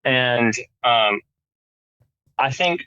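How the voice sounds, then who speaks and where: American guy in his 30s chatting loose, lots of likes, bright voice, slightly dull dry audio. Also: mid-range voice, lively intonation, very slow. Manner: rambling, lots of "like" and restarts. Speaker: guest guitarist. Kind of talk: casual conversation.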